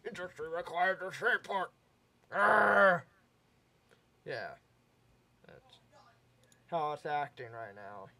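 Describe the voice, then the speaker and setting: Guy doing a let's play, talks slow and half to himself, hums bits of songs, voice goes up and down a lot. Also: a little high, very animated, bright, forceful tone. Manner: mumbling to himself, trailing off; humming and singing snatches of tunes. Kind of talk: casual gameplay commentary.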